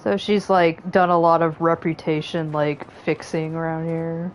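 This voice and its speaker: A woman's voice: deep voice, little pitch movement, a little slow. Woman, game streamer, reads dialogue aloud, jokey asides, laughs often. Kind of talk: reading game dialogue aloud with casual commentary.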